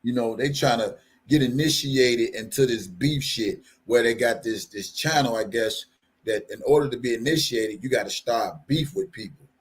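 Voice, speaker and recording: On a live stream, a man with a mid-range voice rants casually at a moderate pace. He's profane and mocking, and he laughs a lot.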